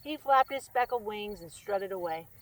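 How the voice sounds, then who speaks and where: A woman's voice: medium pitch, expressive, normal speed. A woman hosting a storytime who reads a children's picture book aloud, friendly and chatty. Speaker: storytime reader and host.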